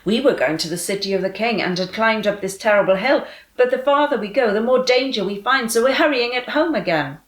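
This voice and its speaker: Scared boy's voice, high and loud, as a woman reader puts him on; echoey room. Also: lively intonation, a little fast, lightly acted. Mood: frightened. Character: frightened boy, Timorous, eager to flee.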